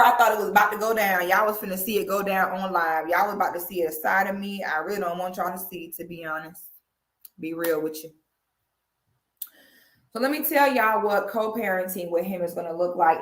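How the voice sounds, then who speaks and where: A woman's voice: medium pitch, fairly bright tone. Blunt woman live-streaming in an echoey room. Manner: blunt, emphatic, addresses viewers as girl and y'all. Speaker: live-show commentator. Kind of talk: casual commentary to a live audience.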